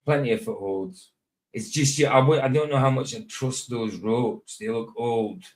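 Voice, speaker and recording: Man, live stream host, casual rambling chat, chuckles often, mid-pitched voice. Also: normal speed. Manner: rambling, chuckling, talks to himself.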